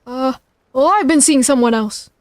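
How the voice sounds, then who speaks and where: A nervous man confessing and apologizing in hesitant bursts, as a woman reads him. The voice is high, with a dry, close sound. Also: moderate pace, no echo, natural voice. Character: anxious, guilty middle-aged man.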